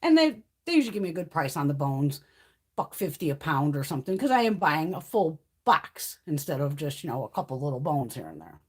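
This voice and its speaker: A woman's voice: low voice, sing-song, fairly quick, husky. A woman hosting a live stream from home, chatting casually, swearing freely and laughing often. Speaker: livestream host. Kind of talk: casual chat.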